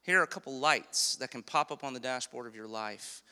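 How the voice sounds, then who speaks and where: Male pastor delivering a sermon; emphatic, asks the room questions, bright tone, reverberant hall. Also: medium pitch, clean tone. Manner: emphatic, slows for key phrases, asks the congregation questions.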